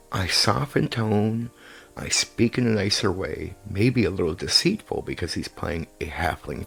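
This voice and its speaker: Gravelly low-voiced man giving game advice. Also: expressive, unhurried, a bit bright, soft background music. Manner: emphatic and repetitive, swears casually. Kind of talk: casual advice talk.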